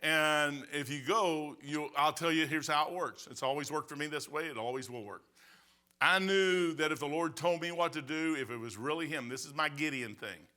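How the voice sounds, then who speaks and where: A pastor in his sixties delivers a sermon in a bright, forceful voice that sits a little high for a man. He alternates between emphatic points and folksy storytelling, with quick asides scattered throughout.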